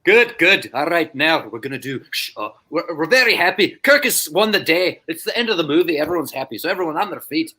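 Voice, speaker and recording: A man's voice: completely flat delivery, fairly quick, creaky, few pauses, full character voice. A man doing a bossy Scottish assistant director. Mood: barking orders. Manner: loud, high, clipped commands.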